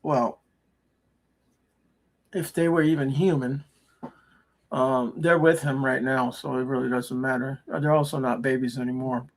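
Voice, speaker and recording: A man's voice: mid-range voice, steady tone, a little slow, pauses often. A man chatting casually on a livestream, confidently sharing firm opinions. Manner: confident, opinionated about religion. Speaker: livestream co-host. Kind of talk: casual chat.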